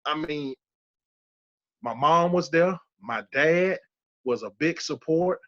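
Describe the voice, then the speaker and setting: A man's voice: a little high, animated, slow, a bit bright, muffled recording. Emphatic man in his thirties giving testimony. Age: 30s. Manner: emphatic, repeats key phrases for weight. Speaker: podcast guest giving a testimony. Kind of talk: emotional personal testimony.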